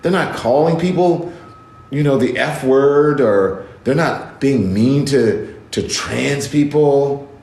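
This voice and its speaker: A man's voice: mid-range voice, slow pace, darkish tone. A man giving casual, emphatic commentary as host of his own show, indignant and repeating words for stress. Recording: roomy echo.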